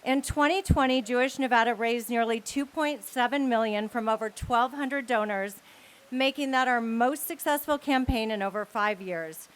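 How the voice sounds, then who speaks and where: A woman with a fairly high voice reads prepared remarks at a podium microphone. She keeps her delivery steady and formal and asks the audience for support at a charity event. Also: normal speed. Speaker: leader of a women's philanthropy council.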